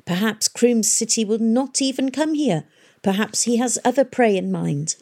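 Dithery old male governor, hesitant, higher than her usual, read by a woman. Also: normal speed, mellow. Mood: anxious. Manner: hesitant, wishful. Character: dithery old governor with long beard, anxious. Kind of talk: audiobook character voice.

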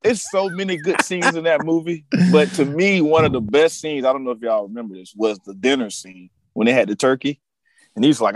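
A man co-hosting a casual podcast chat, an animated storyteller who laughs often and acts out movie lines. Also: medium pitch, brisk, dry recording. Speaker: podcast co-host.

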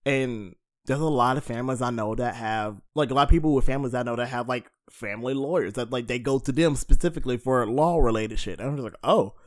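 A man's voice: medium pitch, fast, no room sound, studio quality. A man co-hosting a podcast, chatting casually about a movie with lots of fillers and laughs. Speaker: podcast co-host.

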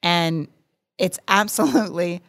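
A woman's voice: lowish voice, a little slow, no room sound, studio quality. A woman co-hosting a podcast in casual chat, easygoing, often searching for words and laughing. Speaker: podcast co-host.

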